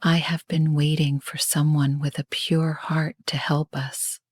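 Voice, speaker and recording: A woman's voice: sits low, little pitch movement, slightly rough, no echo. Woman whispering as an ancient, kind tree spirit. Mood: gentle. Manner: gentle, wise, slow. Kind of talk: whispered role-play.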